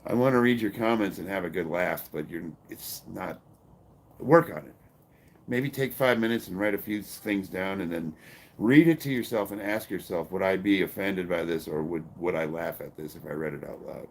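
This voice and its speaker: At a normal pace and in a low voice, a fifty-year-old powerlifter from Illinois, USA, reads out his live chat, responding bluntly and profanely with a combative edge and occasional bursts of laughter.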